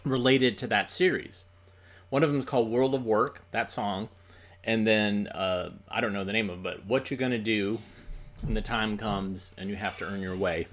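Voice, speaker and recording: Um homem apresentando uma sessão de filmes antigos, falando de forma casual e hesitante, com muitas pausas e "uh". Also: male voice, on the low side, fairly even intonation, a bit bright. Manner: rambling, with many fillers and pauses. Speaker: host of a film screening stream. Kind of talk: casual chat.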